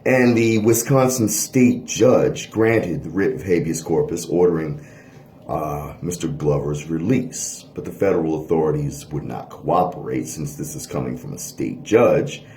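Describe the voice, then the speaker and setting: A man lecturing on a court case in a lively teaching voice, checking in with listeners often. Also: rumbling low, a little slow, echoey room, slight background noise. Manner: animated lecturing, frequent "all right?" checks. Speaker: history teacher. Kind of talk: lecture video.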